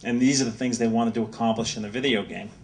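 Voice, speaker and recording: A middle-aged man from Massachusetts, an author speaking at a book signing, telling rambling, animated anecdotes to an audience. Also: mid-range voice, fast talker. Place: bookstore event space. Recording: voice heard from a distance.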